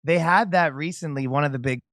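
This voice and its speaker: A Canadian man chatting on a podcast with a bright, forceful voice pitched a little high. He rambles, laughs a lot and keeps restarting his thoughts. The sound is dry and close. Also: fairly quick, no room sound. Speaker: comedian guest. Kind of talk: casual podcast chat.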